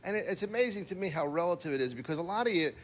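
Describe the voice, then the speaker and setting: A man's voice: high voice, expressive, very fast. A man doing a brash, rambling stand-up comedy set on a TV studio stage. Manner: brash, rambling, crude punchlines.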